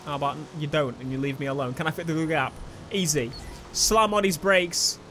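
A young man giving excitable, swearing let's play commentary over a video game. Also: fairly high pitch, a little fast, a little hiss or hum. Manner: excitable, swearing, laughing at his own jokes. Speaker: gaming YouTuber. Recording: game gunfire and sounds behind.

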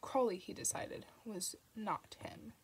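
A woman narrating an audiobook in a soft, unhurried reading manner, sometimes tripping over names. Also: mid-range voice, breathy edge, low-quality recording. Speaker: audiobook reader.

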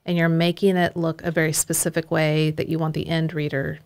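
A woman podcast host and coach, explaining ideas in a clear, teacherly way and listing traits one by one. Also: low-pitched, level tone, brisk, darkish tone.

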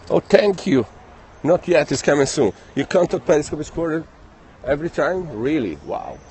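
A man's voice: a little high, animated, measured pace, long pauses, a little mellow. A man, hosting a casual outdoor livestream, reading out and thanking viewers' comments as he walks, a bit out of breath. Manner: reads viewer comments aloud and thanks them. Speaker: livestream host. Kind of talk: casual livestream chat while walking. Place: outdoors on city streets.

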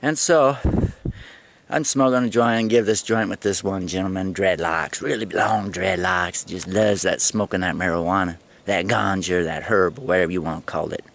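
A man in his fifties telling stories in a casual vlog, animated and swearing freely. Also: low voice, normal speed, gravelly. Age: 50s. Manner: animated, swearing, laughing storyteller.

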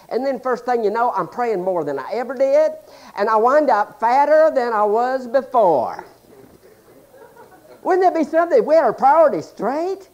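A man preaching a humorous sermon in a folksy, joking way, swinging between loud exclamations and hushed asides. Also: very high-pitched, dull audio. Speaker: pastor.

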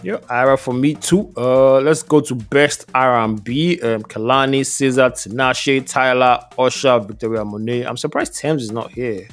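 A man co-hosting a relaxed music podcast, reading through lists of nominees at an easy pace and laughing often. His voice sits in a middle range, and faint music plays underneath. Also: medium pitch, normal speed, few pauses. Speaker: podcast co-host. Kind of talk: casual podcast chat.

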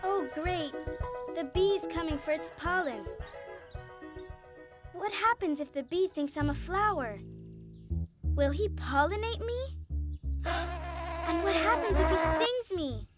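A woman's voice: very high-pitched, animated, slow, pauses often, over loud music, exaggerated voice. A woman voicing a timid, fretful female cartoon cow who frets anxiously. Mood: scared. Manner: anxious, panicky chatter.

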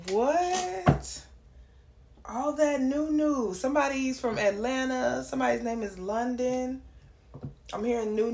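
Woman reading tarot cards, chatty and excitable, lowish voice, roomy echo. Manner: chatty, bursts into excited exclamations. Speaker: tarot reader. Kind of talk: casual tarot reading to viewers. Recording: echoey room with clear background noise.

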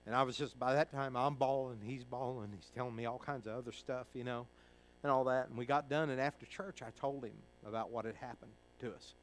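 A middle-aged male pastor from Kentucky preaching a sermon, telling a personal story in a folksy way, acting out the voices of others and moving between hushed and loud. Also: mid-range voice, fairly even intonation, fairly quick, slight background noise, poor audio.

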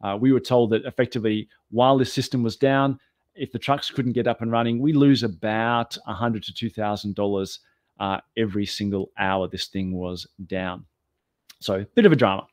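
A man who is the guest on a talk show, telling an animated, self-deprecating story. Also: on the low side, moderate pace, no echo. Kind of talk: anecdotal storytelling.

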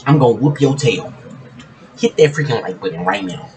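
A man's voice: mid-range voice, lively intonation, normal speed, darkish tone, soft background music, rough recording. A man hosting a reaction channel, chatting casually with frequent "bro" and laughter. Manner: laid-back, says "bro" constantly, laughing asides.

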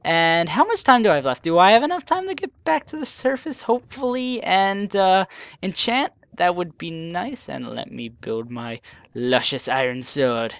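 A male gamer narrates his play in a loose, rambling way, often joking at his own expense. His voice is clear and resonant and swings widely up and down. The recording is close and dry, with no room sound. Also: sits high, animated, moderate pace, fairly bright tone, no room sound, lo-fi sound. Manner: rambling, self-mocking with joking asides. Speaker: gaming channel host. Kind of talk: let's play commentary.

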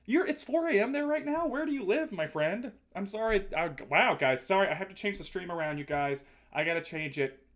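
A man's voice: high voice, lively intonation, a little fast, a bit bright. A man streaming live, chatting casually and playfully with his viewers, reading their messages aloud and joking back.

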